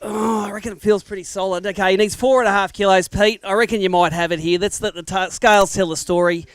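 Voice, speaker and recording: An Australian man emceeing a live fishing weigh-in outdoors, with energetic, matey banter for the anglers. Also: sits high, quick pace, clean tone, no echo. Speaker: tournament emcee.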